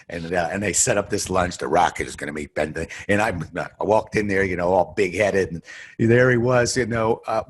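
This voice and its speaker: Man, sales trainer guest on an interview show; husky, animated storyteller who hits words hard. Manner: animated storyteller, emphatic, swings from low asides to loud stresses. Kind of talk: podcast interview answer.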